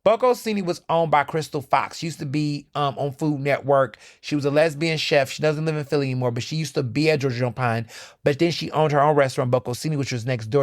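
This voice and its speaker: A man's voice: medium pitch, no echo, clean studio sound. A young man from the American South hosting a podcast, ranting in opinionated solo commentary with profane, emphatic outbursts. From Southern United States. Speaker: podcast host.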